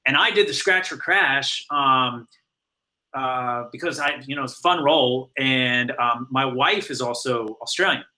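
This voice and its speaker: A man's voice: medium pitch, measured pace, sharp tone, rough recording. A man guesting on a podcast interview, talking casually with many fillers, restarts and laughs. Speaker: guest, animated series showrunner.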